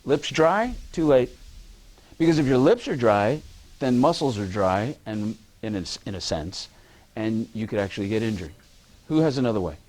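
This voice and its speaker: A man's voice: medium pitch, expressive, moderate pace, a little mellow. A man giving a university lecture, quizzing the audience and joking as he goes. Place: lecture hall.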